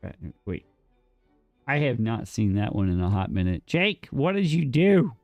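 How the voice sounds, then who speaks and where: Unhurried and darkish in tone, this man's medium-pitched voice swings widely in pitch, with no echo and soft music in the background. He streams a game and casually banters with his viewers, teasing them mock-defensively with some light swearing.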